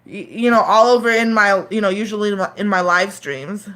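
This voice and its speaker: A woman's voice: medium pitch, brisk, fairly bright tone. A woman in her thirties chatting casually on a live stream, loose and profane, rambling with lots of fillers and restarts.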